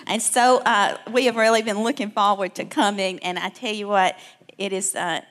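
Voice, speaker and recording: A woman's voice: mid-range voice, fairly even intonation, moderate pace. A woman in her fifties with a South Alabama accent, telling personal stories to a church crowd in a chatty way. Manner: warm, chatty, with frequent restarts. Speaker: guest speaker.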